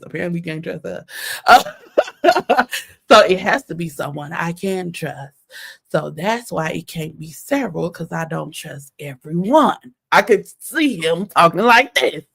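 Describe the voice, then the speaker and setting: A woman's voice: lowish voice, lively intonation, unhurried, creaky, long pauses, a bit bright. A woman hosting a casual commentary show, reading texts aloud and reacting candidly, often laughing. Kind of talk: casual commentary on social media drama.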